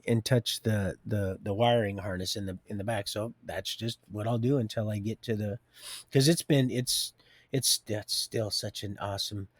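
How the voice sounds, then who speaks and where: A man's voice: fairly low pitch, darkish tone, dry recording. A middle-aged man streaming live from home, telling a rambling personal story full of folksy asides and restarts. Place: home, with a door and heater nearby.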